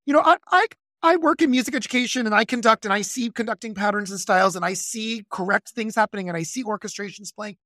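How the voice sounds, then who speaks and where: Animated podcast host gushing about film. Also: medium pitch, no echo, clean studio sound. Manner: animated, gushing, quick asides. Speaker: music educator and conductor. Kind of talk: casual film discussion.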